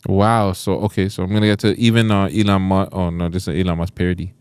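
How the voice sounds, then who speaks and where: A man's voice: low voice, flat delivery, fast talker, a little mellow, smooth, dry recording, studio quality. A man hosting a podcast, leading a casual chat in a blunt, profane way. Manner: blunt, profane, reads comments aloud. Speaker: podcast host.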